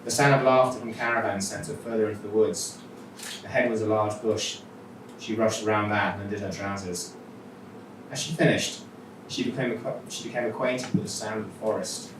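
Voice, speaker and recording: A man's voice: lowish voice, steady tone, fairly quick. A man with a Welsh accent reading his own short story aloud at a live literature event, with wry conversational asides. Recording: echoey hall, mic from far off, noisy.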